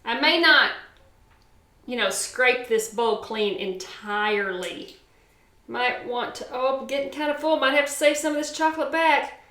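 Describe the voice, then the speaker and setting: Woman, cooking vlog host, gushing, sing-song, high voice, home kitchen. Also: measured pace, bright, forceful tone, roomy sound.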